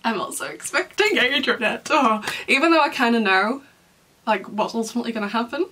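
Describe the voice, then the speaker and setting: A young woman hosting a casual reaction vlog, chatty and excitable, often laughing and shrieking. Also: fairly high pitch, brisk, a little hiss or hum. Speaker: reaction video host.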